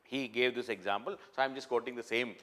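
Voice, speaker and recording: A man's voice: medium pitch, fairly even intonation, fast talker, a bit bright. A man giving a spoken lecture, emphatic and repetitive, often restarting his sentences and using fillers. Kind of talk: classroom lecture.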